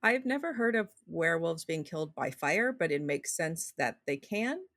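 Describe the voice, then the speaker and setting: Relaxed woman podcast co-host, dry sound. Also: lowish voice, moderate pace, dry recording. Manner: relaxed, conversational, adds personal asides. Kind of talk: casual movie recap chat.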